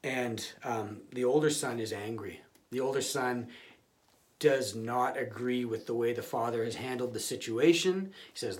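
A man's voice: mid-range voice, normal speed. A male pastor giving a conversational sermon, often restarting and repeating words.

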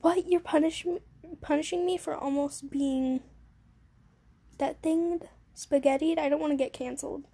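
A woman's voice: high voice, fairly even intonation, unhurried, pauses often, mellow. A woman doing a bratty vain little girl. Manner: whiny, self-important.

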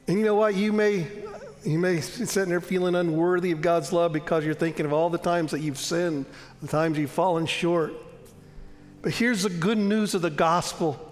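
A pastor preaches with a high voice, earnest and emphatic. He slows down and drops to a near hush to press a point. The sound carries a long reverb from the church hall. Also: steady tone, faint music behind. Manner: earnest, emphatic, slowing down and dropping to a soft hush on key lines. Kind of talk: sermon.

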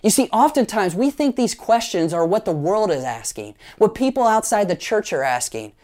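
Preaching from the pulpit, this man speaks at normal speed in a voice that sits high. His sermon is full of animated stories and playful side remarks, and he gets the congregation doing things together.

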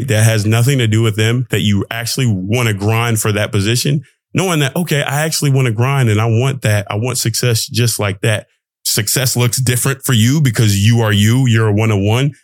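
Young male podcaster, mid-pitched, loose motivational rambler, dry close sound. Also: dry recording. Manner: rambling, emphatic, swears for emphasis. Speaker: podcast host. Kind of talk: casual motivational monologue.

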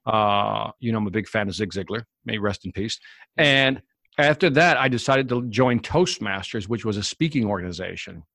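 A man telling stories as a guest in an interview, animated and acting out the people in them. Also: lowish voice, normal speed, vocal fry, no room sound, clean studio sound. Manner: animated storyteller, acts out the people in his stories. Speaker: guest, sales expert. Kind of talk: storytelling in a podcast interview.

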